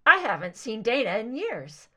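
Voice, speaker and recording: A woman's voice: a little high, sing-song, moderate pace, a bit bright. A woman reading fan fiction aloud, voicing a friendly, oblivious young man.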